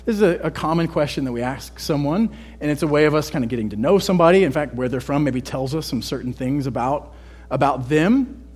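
Pastor, male, from Texas, no accent. Husky, a bit higher than typical. Chatty sermon delivery. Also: animated, brisk, darkish tone. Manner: conversational, often adds "right?".

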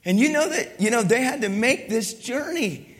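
High-voiced pastor preaching in an echoing hall. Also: male voice, moderate pace. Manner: animated, conversational, acts out voices; asks the crowd for agreement. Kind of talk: sermon. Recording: long reverb in a large hall.

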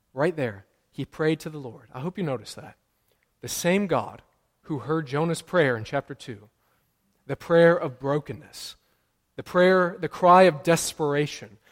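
A man preaching a sermon as pastor, emphatic and repeating his key lines for weight. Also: medium pitch. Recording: long hall reverb.

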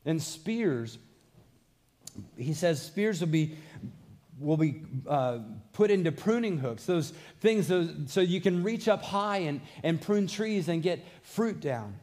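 A man's voice: a little high, expressive, slow pace, a little mellow. A man preaching a sermon as a pastor, reading scripture and asking the congregation earnest rhetorical questions.

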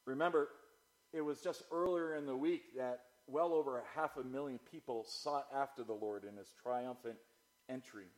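Male pastor, sermon delivery, slightly higher voice, big dynamic swings between booming and hushed. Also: poor audio. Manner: dramatic, swings from loud declamation to low quiet asides.

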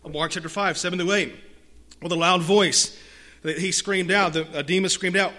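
A man preaching a sermon, swinging from hushed lines to loud emphatic ones and reading scripture aloud with repeated rhetorical phrases. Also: sits high, steady tone, fairly quick.

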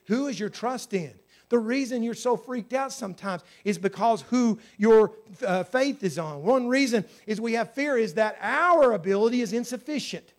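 A man preaching a sermon, moving between loud exclamations and quiet, hushed asides. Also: high-pitched, expressive, normal speed, few pauses. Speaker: pastor.

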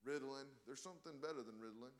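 A man preaching a sermon, impassioned, often swelling louder on key words and restarting his phrases. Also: mid-range voice, rapid-fire.

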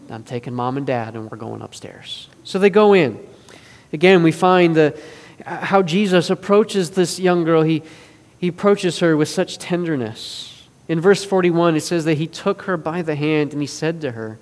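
Earnest higher-voiced male preacher in a hall. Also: unhurried. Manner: earnest, swings between forceful and hushed. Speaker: pastor. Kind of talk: sermon. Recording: long reverb of a large hall.

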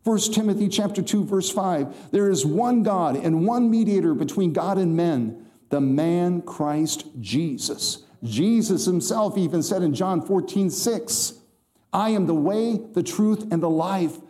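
A man's voice: high-pitched, lively intonation, a little slow, dark tone. A man preaching a sermon to a congregation, quoting scripture and speaking to the listeners directly with emphatic rhythm.

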